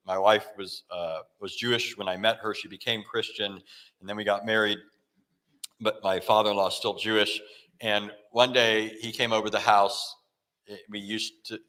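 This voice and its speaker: Lively man telling a story on stage. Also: on the low side. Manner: animated storyteller acting out dialogue; frequent self-corrections and restarts. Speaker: Christian apologetics speaker. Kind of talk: conference talk with storytelling.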